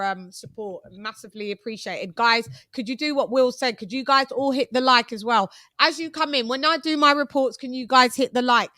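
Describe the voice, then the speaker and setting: A woman's voice: a little high, sharp tone, no room sound, studio quality. A British woman hosting a live boxing chat stream, talking casually and reading viewer messages. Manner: chatty, fast restarts, reads super chats. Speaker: boxing channel host.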